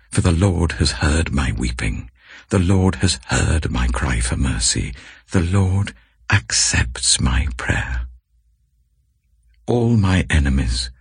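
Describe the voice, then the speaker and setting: A man with an extremely deep, gravelly voice reads scripture slowly and solemnly. His tone is husky and breathy, and his pitch rises and falls with feeling. The sound is dry and close, with no room around it. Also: dry recording. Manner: measured, grave delivery. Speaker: scripture reader. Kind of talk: slow solemn Bible reading.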